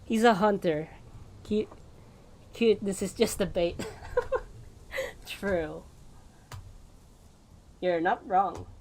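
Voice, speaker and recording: A woman's voice: mid-range voice, extremely slow, pauses often, a little mellow, a little hiss or hum. Chatty woman streamer on tangents. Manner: rambling, tangent-prone, frequent laughs. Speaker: VTuber streamer. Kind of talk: casual gameplay stream chat.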